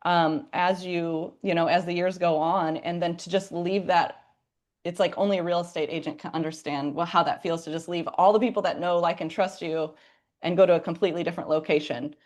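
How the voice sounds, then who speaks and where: A woman's voice: fairly low pitch, fairly even intonation, a little fast, darkish tone. A woman in her thirties talking casually about her work as a real estate agent, chatty and full of ums. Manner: chatty, lots of ums and likes. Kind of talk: casual chat.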